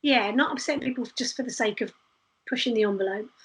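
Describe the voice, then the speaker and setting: Brief: woman with a bright, high voice, animated storyteller who laughs often as an interview guest. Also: quick pace, rough recording. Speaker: street performer guest.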